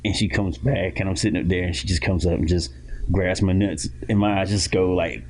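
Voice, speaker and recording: A man's voice: low voice, fairly quick, slight background noise. A young man from Florida, co-hosting a podcast and telling a childhood story in casual chat, full of fillers and restarts. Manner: animated, loud impressions of others in quoted lines. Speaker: podcast co-host.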